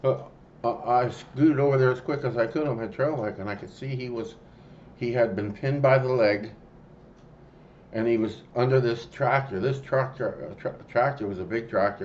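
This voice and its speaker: A man telling a personal story in a rambling, halting way, full of fillers and restarts. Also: lowish voice, a little mellow, dull audio, a little hiss or hum. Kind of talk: casual spoken storytelling.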